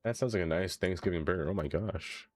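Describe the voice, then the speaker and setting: A man's voice: sits low, a little fast, darkish tone, dry recording. A man live-streaming a city-building game, chatting casually and reading chat aloud, ranting animatedly and laughing often.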